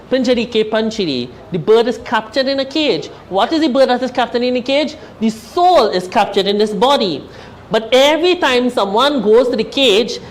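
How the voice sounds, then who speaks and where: A man's voice: high voice, a little hiss or hum, rough recording. A man with a Trinidadian accent speaking at a funeral service, telling a parable and often addressing his listeners as his dear friends. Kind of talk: storytelling sermon at a Hindu funeral.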